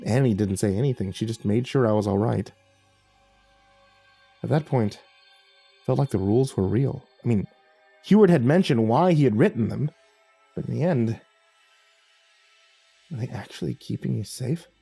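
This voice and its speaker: A man narrating a first-person horror story in a measured, tense way. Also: medium pitch, expressive, creaky, mellow, breathy edge, no room sound, soft background music.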